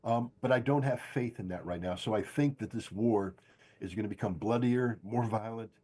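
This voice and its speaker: An older man gives emphatic political commentary, driving his points home by repeating them. His voice is low and husky, with a dark, mellow tone. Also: moderate pace. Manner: emphatic, insistent, repeats key phrases. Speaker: guest analyst. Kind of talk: political commentary on a podcast stream.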